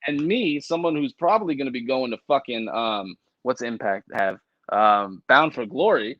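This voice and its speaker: Casual stream co-host, male, animated swing in pitch, muffled lo-fi close sound, rambling and profane. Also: normal speed, no room sound. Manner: profane, rambling, reads viewer comments aloud. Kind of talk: casual livestream chat.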